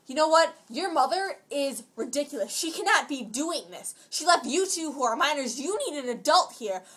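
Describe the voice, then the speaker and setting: A teenage girl voicing an irate middle-aged woman who scolds a teen girl in a shrill tone. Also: expressive, normal speed, fairly bright tone. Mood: scolding.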